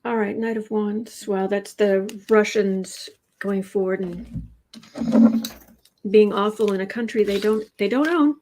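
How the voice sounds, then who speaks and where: A woman's voice: mid-range voice, slow pace, warm tone, a little hiss or hum. A woman hosting a tarot livestream, chatting casually and rambling with frequent restarts. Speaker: tarot reader host.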